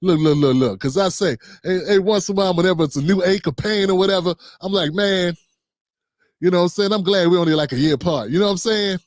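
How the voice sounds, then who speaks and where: A fast-talking middle-aged man with a high voice hosts a loose, playful political talk show, full of slang and asides to viewers, as casual livestream commentary. The sound is clean studio quality with no room sound.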